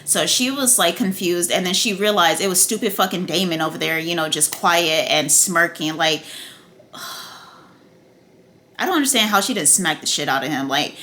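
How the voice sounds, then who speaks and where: A woman giving a casual TV recap and review, ranting excitably with heavy swearing and lots of "like" and "you know". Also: lowish voice, normal speed, a little hiss or hum. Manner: profane, excitable ranting with frequent fillers. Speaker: TV recap vlogger.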